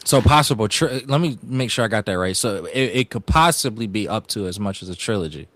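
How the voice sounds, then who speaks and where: Uomo vivace con opinioni schiette. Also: male voice, fairly low pitch, lively intonation, a little fast, fairly bright tone, no echo. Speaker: podcast co-host. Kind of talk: casual podcast chat.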